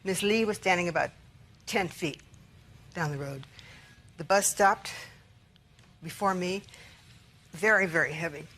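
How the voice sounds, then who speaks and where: A woman's voice: fairly low pitch, measured pace, long pauses, sharp tone, slight background noise. A woman telling her side of the story step by step as a plaintiff in a small-claims court. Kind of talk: courtroom testimony.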